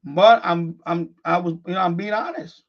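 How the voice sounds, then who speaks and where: Man, middle-aged, live-stream host, frustrated, blunt, repeats himself, fairly high voice, muffled audio. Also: moderate pace. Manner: blunt, repeats phrases, restarts often. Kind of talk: unscripted live-stream monologue.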